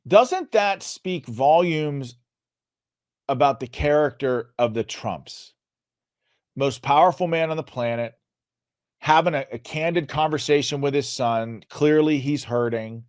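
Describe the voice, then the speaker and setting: A man's voice: fairly high pitch, no echo, clean studio sound. Emphatic male host losing his voice. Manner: emphatic, earnest, rising to loud peaks. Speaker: show host. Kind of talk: political commentary monologue.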